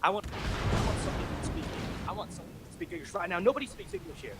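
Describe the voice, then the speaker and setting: A man voicing a demanding older woman customer on the phone, shrill and insistent. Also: very animated, fast, very noisy, lightly acted.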